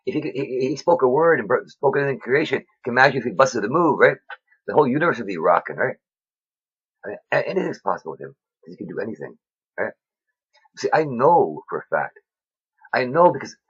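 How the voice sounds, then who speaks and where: A man giving a rambling, excitable monologue about his faith, talking straight to his viewers. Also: mid-range voice, husky. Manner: rambling, excitable, many fillers. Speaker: vlogger. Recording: dull lo-fi recording.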